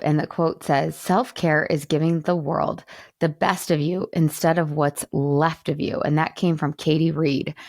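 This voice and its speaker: A woman in her thirties hosting a podcast, talking in an animated, emphatic way and at times near tears. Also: fairly low pitch, no echo, clean studio sound. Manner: animated, emphatic, tearful at moments. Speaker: podcast host. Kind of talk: emotional podcast monologue.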